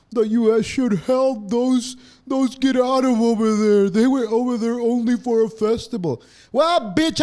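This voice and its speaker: A man hosting a podcast, delivering a rambling, sarcastic rant full of swearing. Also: high-pitched. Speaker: podcast host. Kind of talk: profane ranting monologue.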